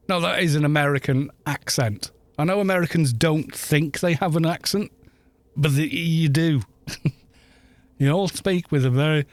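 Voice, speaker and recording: A man's voice: fairly high pitch, moderate pace, no room sound. A man from Wales chatting casually on a gaming live stream, rambling, laughing often and swearing at the game.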